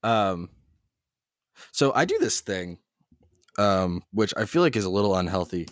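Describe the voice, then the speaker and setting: A man's voice: low-pitched, animated, measured pace. A man in his twenties co-hosting a podcast, speaking casually in a hesitant, reflective way. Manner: hesitant, reflective, many restarts. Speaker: podcast co-host. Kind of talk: casual chat.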